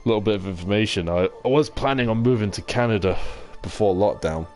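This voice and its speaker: A young British man with a low, deep voice, reading chat comments on a live stream in an easygoing way. He swears freely and laughs along with his viewers. Music plays clearly behind him. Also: fast, a little mellow. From Britain. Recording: music playing in the background.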